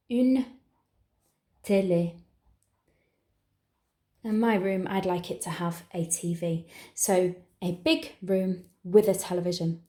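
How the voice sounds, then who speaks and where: Woman, English accent, teacher, calm step-by-step explanation, mellow tone. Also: mid-range voice, echoey room. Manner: clear, patient explanations, slowing down for modelled phrases. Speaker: language teacher. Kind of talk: exam preparation tutorial.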